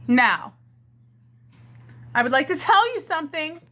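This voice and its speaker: High, bright-voiced New woman rambling. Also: sing-song, a little slow. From Brooklyn, New York. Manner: theatrical, addresses the audience as "my friends" and "ladies and gentlemen". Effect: karaoke mic echo. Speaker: comedy vlogger. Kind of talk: rambling stream-of-consciousness comedy monologue. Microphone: handheld karaoke microphone.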